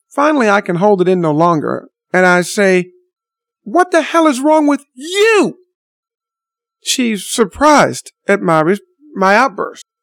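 A man's voice: high-pitched, a bit bright, dry recording. A man telling a story to his viewers in an unscripted monologue, blunt and indignant, with mild swearing. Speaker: vlogger addressing viewers.

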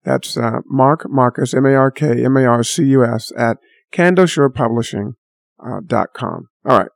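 A man's voice: medium pitch, normal speed, vocal fry, no echo, clean studio sound. A man telling a story in a casual, rambling monologue, full of fillers and restarts.

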